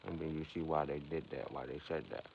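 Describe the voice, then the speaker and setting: Speaking quickly in a rumbling, gravelly low voice with fairly even intonation, a livestream host chats directly with his viewers, rambling and philosophizing. Faint background noise sits under the dull, lo-fi sound.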